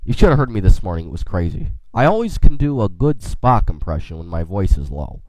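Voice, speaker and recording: A low-voiced man hosts a casual solo podcast, talking briskly with big pitch swings and a slightly mellow tone. He rambles with folksy asides and plays around with in-character space banter, though he seems a bit sick. There's no echo, but the recording is rough.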